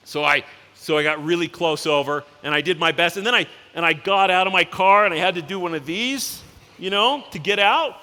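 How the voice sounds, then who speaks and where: Recorded in a reverberant conference hall, a man who runs a company delivers a relaxed, story-driven keynote. His voice is high-set, pushed and bright, and he performs the people in his anecdotes with rapid voices.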